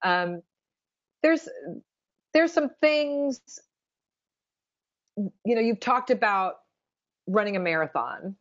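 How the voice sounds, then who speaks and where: A woman hosts an interview show and asks her questions in an encouraging, gushing way. She speaks slowly, and her pitch swings widely. The recording sounds dull and lo-fi. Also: animated. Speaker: radio interview host. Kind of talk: casual interview chat.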